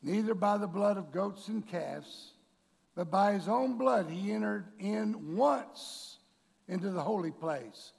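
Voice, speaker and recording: A man preaching a sermon to his congregation, bursting into shouted, drawn-out emphasis and calling them folks and church. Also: high-pitched, expressive, vocal fry, breathy edge. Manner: addresses the congregation directly. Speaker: pastor. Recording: long reverb of a large hall.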